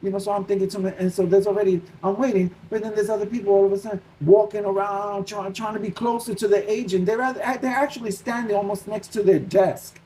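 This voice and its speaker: A man with a New York accent tells a story to his viewers, animated and full of restarts as he replays his own worried thoughts. His voice sits high for a man, with a mellow, soft-edged tone. Faint noise hangs under the recording. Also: fast, few pauses, low-quality recording. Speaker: Christian vlogger. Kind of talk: casual personal storytelling.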